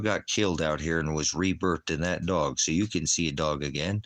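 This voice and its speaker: A man's voice: a bass voice, moderate pace, few pauses, a bit bright. A middle-aged man in casual chat, rambling and repeating himself with plenty of "you know" as he talks. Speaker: ministry vlogger.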